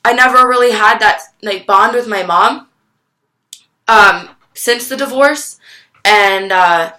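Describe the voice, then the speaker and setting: A young woman talks straight to her camera in a bright, clear voice. She tells her story candidly, with halting restarts and plenty of swearing. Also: medium pitch. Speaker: vlogger.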